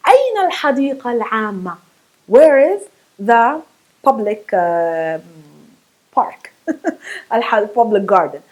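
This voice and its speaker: Lively woman teaching pronunciation. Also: a little high, moderate pace, low-quality recording. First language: Arabic. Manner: lively, demonstrating throaty sounds, laughs at herself. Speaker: Arabic teacher. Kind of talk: online pronunciation lesson.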